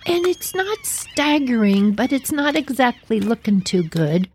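A woman hosting a podcast, telling a personal story in a lively, chatty way and repeating her words as she goes. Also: a little high, a little slow, slight background noise. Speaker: podcast host.

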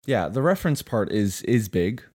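A man in his thirties explains things to his listeners in a relaxed podcast chat, repeating words as he finds his way into a sentence. His voice sits on the low side. The sound is dry and close to the mic. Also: normal speed, slightly rough, no echo. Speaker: podcast co-host.

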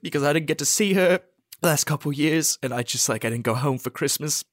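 A man hosting a podcast, improvising a comedy scene with an exasperated, animated delivery. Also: fairly high pitch, quick pace, no echo, clean studio sound. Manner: animated, exasperated, switching between characters. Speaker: podcast host.

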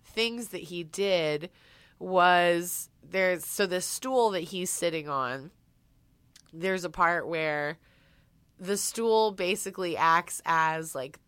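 A woman telling a story in casual chat, animated, swearing and quoting people as she goes. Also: sits low, smooth, dry recording.

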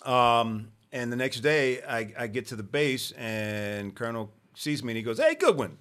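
A man with a bright, forceful voice spins a long story in a relaxed podcast conversation. He slips into the voices of the people he quotes and keeps the tale moving. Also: medium pitch, unhurried, clear, resonant tone. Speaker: podcast guest. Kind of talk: storytelling in casual chat.

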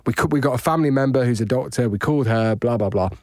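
A man co-hosting a casual podcast, telling a lively anecdote with laughter and acted-out voices. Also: medium pitch, very fast, no echo, clean studio sound. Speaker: podcast co-host. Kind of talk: casual storytelling chat.

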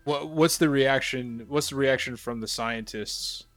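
A man's voice: medium pitch, unhurried, a bit bright, no room sound, faint music behind. A man playing a tabletop game, describing his character's actions in a hesitant, thinking-aloud way.

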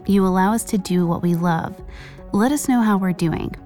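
A woman hosting a podcast, reading a scripted true-crime story in a measured, grave way. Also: medium pitch, warm tone, faint music behind. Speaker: podcast host and narrator.

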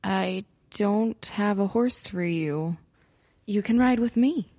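A woman speaks as a player in a tabletop role-play. Her voice is mid-pitched and matter-of-fact, recorded close and dry. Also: slow, warm tone, dry recording.

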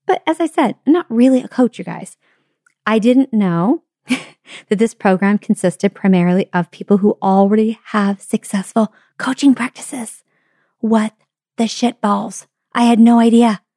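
A woman's voice: a little high, normal speed, dark tone, dry recording, clean studio sound. A woman hosting a podcast, telling a personal story in a candid, chatty way and talking straight to her listeners at the microphone. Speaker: podcast host. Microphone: studio microphone.

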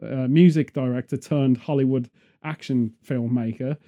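A man's voice: mid-range voice, steady tone, normal speed, mellow, dull audio. A man chatting casually outdoors in a field, rambling off on jokey tangents. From England. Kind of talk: casual chat.

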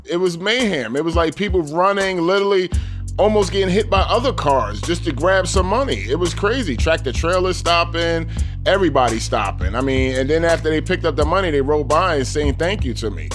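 A man who works as an armored car guard, telling his story in an interview with animated energy and acting out the voices he quotes. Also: fairly high pitch, a little fast, over music.

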